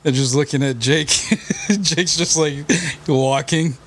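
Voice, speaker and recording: A man co-hosting a podcast, telling a story in casual chat with lots of laughter and quick impressions of others. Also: on the high side, steady tone. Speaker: podcast co-host.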